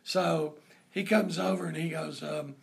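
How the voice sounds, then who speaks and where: A man with a deeply gravelly, rough, husky voice recounts an old family story. He rambles at an unhurried pace and stops often for fillers. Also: steady tone.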